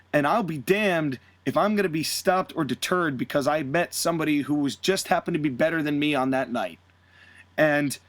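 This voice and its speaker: A man's voice: on the high side, a bit bright, no echo. A man voicing a proud male wrestler who talks earnestly about living up to his family legacy. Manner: earnest, determined.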